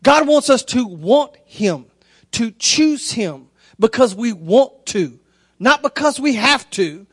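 A man's voice: takes it slowly, slightly rough, no echo, studio quality. A man, preaching a sermon through a folksy, conversational story. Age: 30s. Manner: folksy, conversational storyteller, voice rises high when excited.

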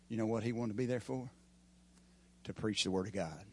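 A man preaching a sermon in a folksy way, rising to loud emphatic passages and dropping to quiet asides. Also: mid-range voice, fast talker. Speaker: pastor.

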